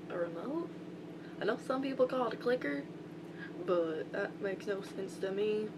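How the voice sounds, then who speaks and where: Young woman, Southern drawl, unhurried and chatty, laptop-mic video with heavy hum. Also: mid-range voice. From Albany, Georgia, US. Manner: chatty, reads list aloud, rambling asides. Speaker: vlogger. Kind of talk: casual accent-tag video. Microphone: built-in laptop mic.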